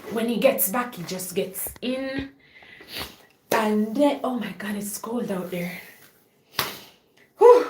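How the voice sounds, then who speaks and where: Slow-talking woman coaxing her dog. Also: mid-range voice, heavy background noise. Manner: loudly coaxing her dog, chatty asides. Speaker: live-stream host. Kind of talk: casual live-stream chat.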